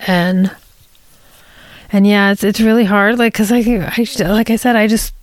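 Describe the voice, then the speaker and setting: A woman hosting her own podcast, talking casually and candidly in a rambling, halting way, full of restarts and self-corrections. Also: mid-range voice, steady tone, no echo. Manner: candid, confiding. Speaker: podcast host. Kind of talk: casual solo podcast monologue.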